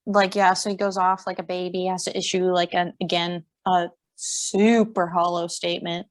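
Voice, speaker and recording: A woman's voice: fairly low pitch, flat delivery, moderate pace. A young woman co-hosting a podcast in casual chat, blunt, indignant and sarcastic. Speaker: podcast co-host.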